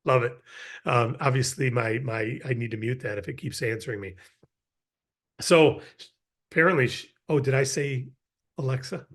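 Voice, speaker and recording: A middle-aged man giving a casual, energetic sales training and acting out sample pitches. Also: normal speed, long pauses. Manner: energetic, acts out sales scripts.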